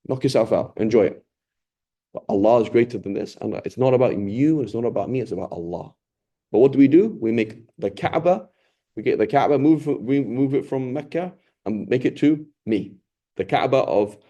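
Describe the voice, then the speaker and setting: Low, mellow-voiced man giving a Ramadan talk. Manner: conversational, emphatic, asks rhetorical questions; acts out quoted people in lively voices. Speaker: Quran teacher.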